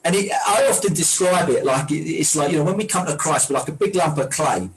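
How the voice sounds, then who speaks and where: A man's voice: fairly high pitch, a little fast, soft background music, poor audio. A male host in a casual chat who backs up his guest with stammering restarts. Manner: friendly, stammering restarts, affirming interjections.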